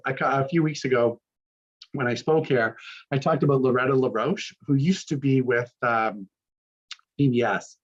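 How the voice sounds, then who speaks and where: Chatty male minister, slightly muffled. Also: medium pitch. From Canada. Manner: storytelling, chatty with many fillers and restarts. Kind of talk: conversational sermon talk.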